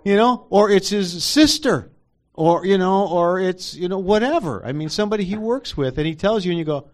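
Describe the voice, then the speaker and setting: A man's voice: sits high, lively intonation, normal speed. A man in a casual church group discussion, rambling with many fillers and acting out quotes.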